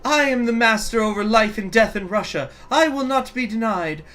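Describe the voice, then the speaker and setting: A man's voice: fairly high pitch, expressive, moderate pace, a bit bright, pitched above the performer's own voice. A man voicing a furious tyrannical female regent, ranting threats in a dramatic reading of a game story. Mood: enraged.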